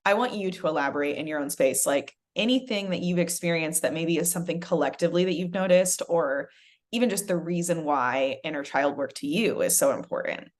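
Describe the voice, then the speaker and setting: A woman's voice: low-pitched, a little fast. A woman hosting a casual conversation, chatty, often adding "right" and "you know.". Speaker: podcast host.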